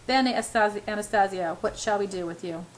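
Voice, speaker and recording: A woman's voice: mid-range voice, a little fast, slight background noise, natural voice, low-quality recording. A woman reading the lines of an effusive male hairdresser with a put-on Italian accent, gushing with enthusiasm.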